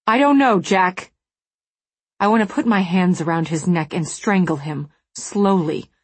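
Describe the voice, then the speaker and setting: A woman's voice: on the low side, moderate pace, a little mellow, breathy edge, no room sound. A woman voicing a grieving male aviator who speaks with vehement anguish, in an audiobook. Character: grieving male pilot, older, intense.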